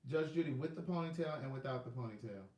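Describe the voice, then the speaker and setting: A man's voice: medium pitch, fast, a little mellow. A man with a Southern US accent hosting a casual live stream, rambling and talking to viewers by name while checking his phone. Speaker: livestream host selling books. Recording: echoey room.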